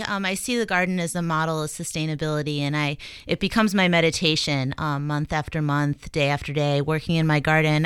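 A woman with a slightly low, very clear voice is interviewed in a radio studio about gardening. She talks thoughtfully, pausing with ums and restarting sentences. The recording is dry and close. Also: a bit bright, dry recording. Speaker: guest gardening educator. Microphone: studio microphone.

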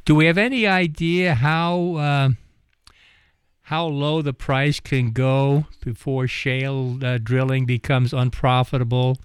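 A man's voice: mid-range voice, steady tone, slow pace, clean tone, dry recording, clean studio sound. Man hosting a radio interview. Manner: searching, asks with fillers. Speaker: radio host.

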